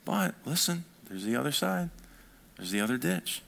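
A pastor delivering a sermon in a church, his delivery swinging between quiet, slow passages and fired-up, loud stretches. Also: mid-range voice, creaky. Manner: animated preaching, swinging between soft and fired-up.

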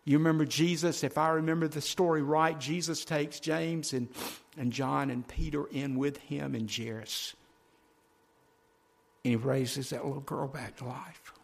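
Folksy preacher man, slightly high voice. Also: fairly even intonation, measured pace, creaky, breathy edge. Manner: dramatic, swinging from loud to hushed; folksy, addresses congregation directly. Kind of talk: sermon.

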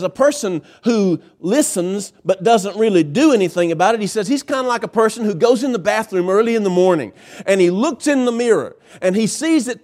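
A male pastor preaching a sermon, emphatic, with dramatic pauses and swings in pitch. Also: a little mellow.

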